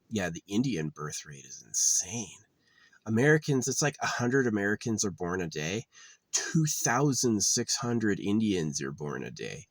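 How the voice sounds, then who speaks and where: A man's voice: on the low side, big pitch swings, moderate pace, no room sound. A man on a profane, agitated ranting monologue, often repeating himself. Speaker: vlogger.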